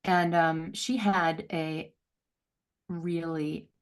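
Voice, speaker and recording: A middle-aged woman telling a personal story as an interview guest, laughing often and acting out voices with big jumps in pitch. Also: steady tone, drawn-out words. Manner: laughs often, many fillers.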